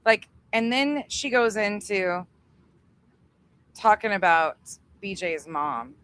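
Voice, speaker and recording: A woman's voice: medium pitch, animated, a bit bright, smooth. A woman hosting a livestream, chatting casually, swearing freely and laughing easily as she thanks her members. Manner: chatty, profane, quick to laugh. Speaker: livestream host.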